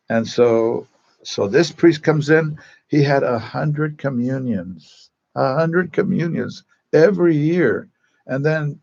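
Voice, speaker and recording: Chatty, gravelly-voiced priest. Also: male voice, medium pitch, a little mellow, dull audio. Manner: chatty and digressive, full of asides. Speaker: Catholic priest. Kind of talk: casual storytelling talk to a parish group. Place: church.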